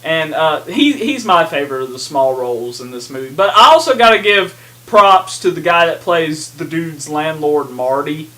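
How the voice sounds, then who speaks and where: A man's voice: a little high, animated, normal speed, bright, forceful tone. A man co-hosting a podcast, chatting casually about a film, rambling with many fillers and laughs. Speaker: podcast co-host. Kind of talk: casual movie chat.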